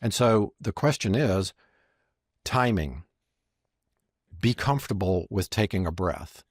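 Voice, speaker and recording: A man's voice: lowish voice, slow pace, breathy edge, dry recording, clean studio sound. A man, a magician and marketing strategist, telling stories as a podcast guest and acting out the lines he quotes. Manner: lively storyteller who acts out quoted lines. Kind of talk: podcast interview storytelling.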